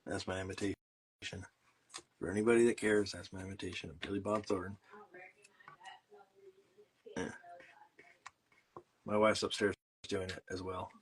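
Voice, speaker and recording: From his home studio, a man livestreams while working on art, explaining things in a rambling way packed with fillers. His voice is low and his tone level. He talks at normal speed and pauses often.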